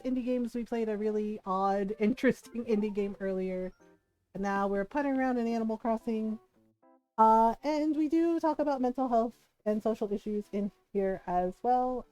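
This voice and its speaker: A woman streaming games live, chatting casually and laughing often as she acts out a friend's lines. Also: high voice. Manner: animated, laughing, acting out quoted friends. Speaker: variety streamer.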